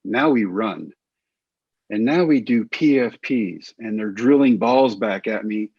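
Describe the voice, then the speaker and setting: Casting note: middle-aged male storyteller, husky voice, dull dry lo-fi sound, animated. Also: lowish voice, a little slow, dry recording. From Texas. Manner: animated, acts out quoted voices. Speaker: guest, former baseball pitcher. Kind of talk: casual storytelling interview.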